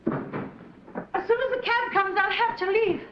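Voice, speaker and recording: An actress playing a fussy, bossy spinster friend in a 1940s film, scolding and flustered. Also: female voice, very high-pitched, takes it slowly, highs cut off. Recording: echoey, noisy old film soundtrack.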